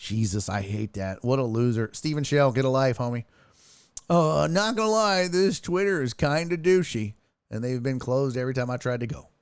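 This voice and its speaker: A man with a mid-range, smooth voice hosts a live sports stream, ranting and laughing through tweets in casual, profane chat. The audio is studio quality with no echo.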